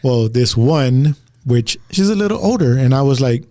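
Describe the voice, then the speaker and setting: Man, casual storyteller, rambling, repeats himself, everyday middle pitch. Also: expressive, normal speed, few pauses, warm tone. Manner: rambling, repeats words and restarts often. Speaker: podcast host.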